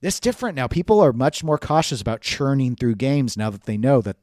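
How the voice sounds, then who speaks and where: A man's voice: mid-range voice, big pitch swings, brisk, darkish tone, dry recording, studio quality. Opinionated male podcast co-host. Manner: opinionated, analytical, thinks aloud with restarts. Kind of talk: casual podcast chat.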